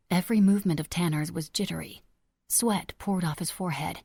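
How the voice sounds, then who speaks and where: Woman audiobook narrator, low voice, tense delivery, dry close recording. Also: a little fast, creaky, a little mellow, slightly rough, dry recording. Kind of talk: first-person audiobook narration.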